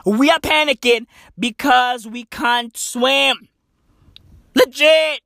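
Profane high-voiced woman ranting. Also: takes it slowly, creaky, a bit bright, dry recording, studio quality. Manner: profane, slang-heavy, emphatic repetition. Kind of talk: comedic rant.

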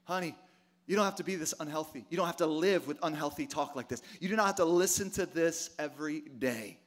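A man voicing God as a tender father coaxing a stray sheep home, in a soft, hushed way. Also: fairly high pitch, fairly quick, voice pushed down, lightly acted.

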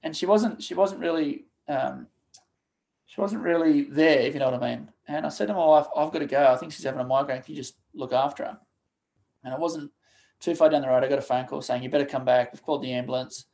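A man, a podcast guest telling a personal story of loss in a halting, emotional way, full of restarts and pauses. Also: on the high side, vocal fry, a little mellow. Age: 30s. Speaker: guest, charity co-founder.

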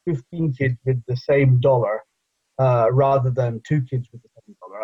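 A man's voice: medium pitch, normal speed, slightly rough, dull audio. A man from England, whose first language is Bengali, chatting loosely as an interview guest with lots of fillers. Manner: rambling, many fillers and "you know". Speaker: guest, engineering professor and charity founder. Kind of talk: casual conversational interview.

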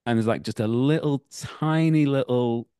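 A young man with a Manchester accent, an actor and acting teacher, telling animated backstage anecdotes in a casual interview and laughing as he goes. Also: mid-range voice, normal speed, clean tone, dry recording, clean studio sound. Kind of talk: casual podcast interview, storytelling.

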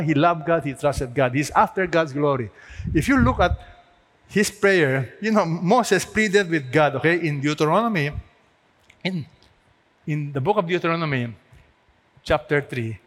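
A pastor with a slightly high, somewhat rough voice preaches earnestly, posing rhetorical questions and building up to emphatic peaks. His words carry a long hall reverb.

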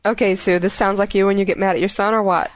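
A woman's voice: medium pitch, steady tone, quick pace, very noisy. A woman hosting a podcast in casual chat, laughing easily. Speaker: podcast host.

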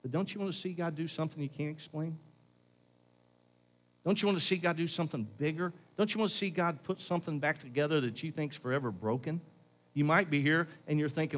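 A man's voice: on the high side, fairly quick. A male pastor preaching a sermon in church, building to pleading questions.

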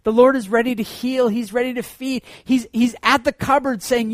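A man preaching a sermon as pastor, swinging between loud excited bursts and hushed low passages. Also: normal speed, few pauses, no room sound, studio quality.

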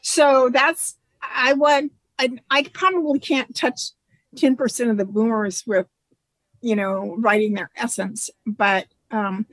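A woman author speaking as a guest in an interview, reflective and halting, often restarting her sentences. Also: fairly high pitch, steady tone, no echo, rough recording. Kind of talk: casual interview conversation.

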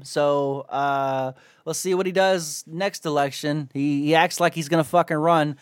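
A man's voice: fairly high pitch, clear, resonant tone, no room sound, studio quality. Profane, fired-up male podcast host. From Ohio. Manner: angry, profane ranting, reads news aloud. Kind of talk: ranting solo podcast.

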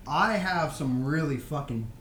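A man co-hosting a podcast in casual chat, animated, laughing and swearing as he talks about bad movies. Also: fairly high pitch, a little slow, echoey room, slight background noise. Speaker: podcast co-host.

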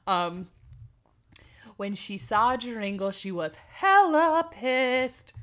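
A woman's voice: on the high side, big pitch swings, takes it slowly, a bit bright, smooth. A woman hosting a podcast, reading a fairy tale aloud and breaking off for giggly, irreverent asides with casual swearing. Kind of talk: casual read-aloud with commentary.

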